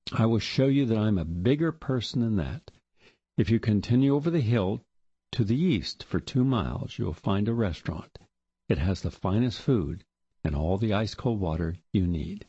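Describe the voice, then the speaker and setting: A man voicing a frail old male roadside tie seller, polite, calm and mildly reproachful. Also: lowish voice, moderate pace, slightly rough, no room sound, muffled recording.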